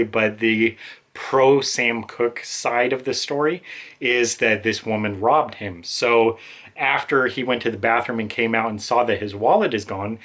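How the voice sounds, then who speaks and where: Bright-voiced man rambling emotionally. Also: fairly low pitch. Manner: rambling, emotional, many fillers. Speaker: book channel host. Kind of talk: casual monologue.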